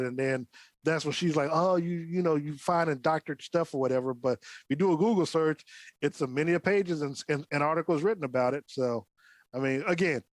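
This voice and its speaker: A man's voice: fairly high pitch, no echo. A man giving blunt, opinionated commentary on a casual political talk show. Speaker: co-host.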